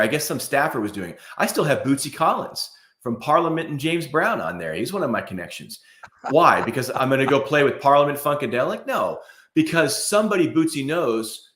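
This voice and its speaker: A man's voice: medium pitch, a bit bright. Emphatic man in a roomy echo. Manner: emphatic and preachy, asks rhetorical questions. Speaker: podcast co-host. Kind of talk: casual chat.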